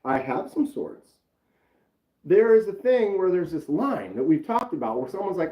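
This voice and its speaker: A man's voice: high voice, very animated, moderate pace. A man casually chatting on a live stream, rambling and greeting viewers from the chat by name. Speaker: knife channel live streamer. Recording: roomy, slightly dull sound.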